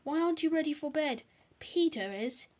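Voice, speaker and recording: A woman's voice: sits high, expressive, moderate pace, voice pushed up. A woman doing a stern scolding mother. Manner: scolding, shouting.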